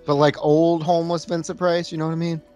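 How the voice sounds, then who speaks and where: A young man walks through a movie's plot as a podcast co-host, relaxed and given to crude jokes. His voice sits slightly high. Faint music runs underneath. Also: fast. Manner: laid-back storyteller, cracks crude jokes. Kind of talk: casual movie-riffing chat.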